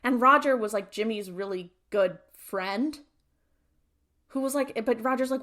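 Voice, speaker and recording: A woman's voice: fairly high pitch, measured pace, a bit bright. A woman podcast co-host chatting casually, retelling scenes and acting out the characters' lines with lots of "like". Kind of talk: casual chat recapping a TV episode.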